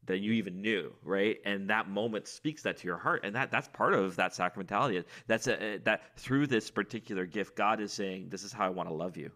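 A man's voice: on the low side, brisk, hardly any pauses, sharp tone. A man, a priest, speaking reflectively and earnestly in a podcast chat, often restarting his sentences. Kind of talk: casual chat.

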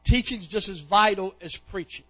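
A middle-aged male pastor preaching a sermon, impassioned, often pushing to near-shouts and repeating words as he goes. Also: high voice, moderate pace, muffled recording.

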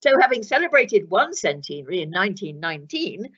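An older woman, a retired judge giving a formal lecture in a measured, precise way with dry wit. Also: mid-range voice, sing-song, fairly bright tone, husky. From England. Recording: dull lo-fi recording.

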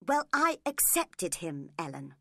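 A woman voicing a proud, willful young woman who confides in hushed tones and turns cross in a storybook reading. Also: mid-range voice, big pitch swings, takes it slowly, breathy edge, no echo, studio quality, heavily acted. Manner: whispering and pleading, then cross.

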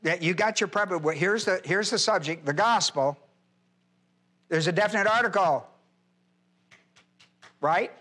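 A man's voice: high-pitched, measured pace, long pauses, bright, forceful tone. A male pastor teaching a Bible class verse by verse, emphatic, repeating key phrases and quizzing his listeners.

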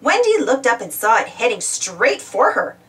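A woman reading a children's storybook aloud in an expressive, animated way. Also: on the high side, moderate pace, distant mic.

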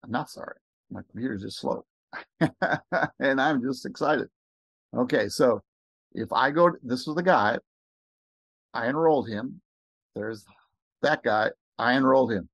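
An excited man talking fast and rambling as he walks viewers through a screen share for a recruiting pitch. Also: creaky, no room sound. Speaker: network marketing recruiter.

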